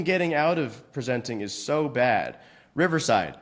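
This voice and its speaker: A man hosting a fitness podcast, giving blunt, profane advice in a casual way and venting at his software. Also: mid-range voice, animated. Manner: profane, frustrated rants; blunt, rapid instructions. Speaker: fitness coach and podcast host.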